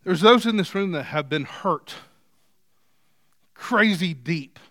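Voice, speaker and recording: Bright, animated male pastor preaching. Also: high voice, slow, no room sound, clean studio sound. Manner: animated, swings from quiet reading to loud emphasis. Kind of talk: sermon. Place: church.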